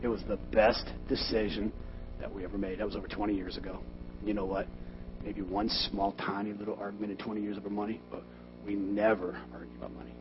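A middle-aged man preaching an animated sermon as pastor, breaking into sudden loud bursts to act out quarrels. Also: fairly low pitch, fast talker. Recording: dull lo-fi sermon recording with faint hum.

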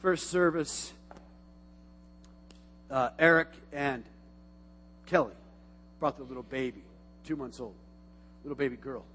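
A high-voiced pastor delivers a sermon in a church sanctuary, his words carried by the long reverb of a large church hall. His preaching is animated, swinging from quiet asides to loud exclamations.

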